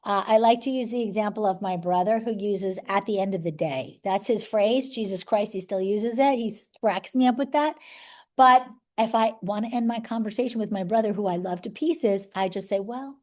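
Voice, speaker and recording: A woman with a medium-pitched, slightly mellow voice speaks at a normal pace while teaching a live sales-skills seminar to a roomful of people. She's chatty, tosses in joking asides, and keeps tagging her points with "right?"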